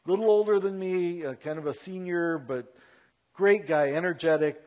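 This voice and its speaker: Speaking at a normal speed in a high-pitched voice, a middle-aged man tells a story to a live audience. He's animated and conversational, tossing in self-mocking asides.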